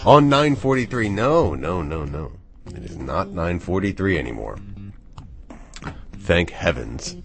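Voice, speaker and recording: A man hosting a live radio show in a studio, rambling and thinking out loud into the microphone. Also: low-pitched, sing-song, unhurried, vocal fry, pauses often, soft background music. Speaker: radio DJ and host. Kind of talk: casual live radio chat.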